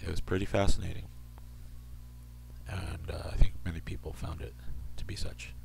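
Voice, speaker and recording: A man hosting an internet radio show, reading odd news stories in a rambling way and slipping into soft asides. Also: sits low, flat delivery, normal speed, creaky, slight background noise.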